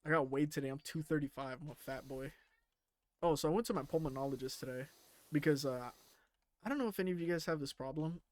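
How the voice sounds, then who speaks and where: A man streams a game while chatting casually, rambling with lots of fillers and swearing freely. His voice is a little high and he talks fast.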